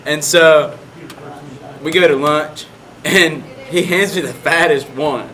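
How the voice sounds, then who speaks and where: A man's voice: fairly high pitch, unhurried, pushed and bright, slight background noise. A young man casually telling a rambling story, full of "like" fillers.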